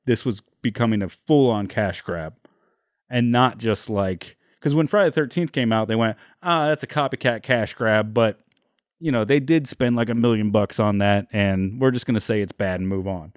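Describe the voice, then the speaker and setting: A man's voice: fairly low pitch, moderate pace, a little mellow, no echo, studio quality. Rambling, profane podcast co-host man. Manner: rambling, profane, laughs often, many fillers. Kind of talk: casual chat.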